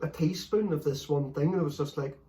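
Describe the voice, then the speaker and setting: A man's voice: a little high, brisk, far from the mic. Sweary man telling stories. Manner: sweary, animated, laughs while telling stories, acts out quotes. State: a bit stoned. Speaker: podcast host. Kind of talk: casual late-night storytelling chat.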